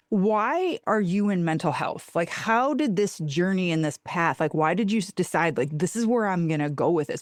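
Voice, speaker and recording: A woman from Michigan hosting a podcast, talking in a bubbly, gushing way and throwing in quick asides. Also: on the low side, no echo, clean studio sound. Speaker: podcast host. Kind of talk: casual podcast chat.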